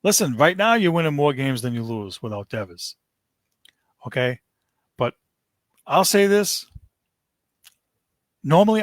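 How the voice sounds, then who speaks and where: A man's voice: a little high, no room sound. A man, hosting a sports podcast, launches into an angry, fed-up rant, stumbling and repeating himself as he vents. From Boston area.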